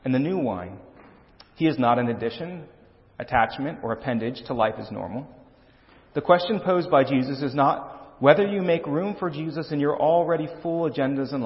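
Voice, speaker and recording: A man preaching a sermon as pastor, earnest and emphatic, often restarting his words. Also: mid-range voice. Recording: dull lo-fi sound with long reverb in a hall.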